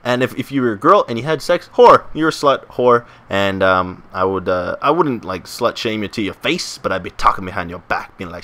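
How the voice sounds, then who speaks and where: Young male vlogger, bright lowish voice, joking and self-mocking, loose rambling delivery. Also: lively intonation, moderate pace, few pauses. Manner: joking, self-mocking, many fillers and restarts. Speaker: gaming vlogger. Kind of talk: casual rambling monologue to viewers.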